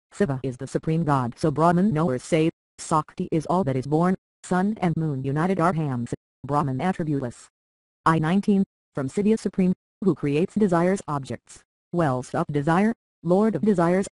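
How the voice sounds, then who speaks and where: Dry, even reading of a scripture translation. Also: mid-range voice, no room sound, poor audio. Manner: slow, even recitation of verse numbers and Sanskrit terms.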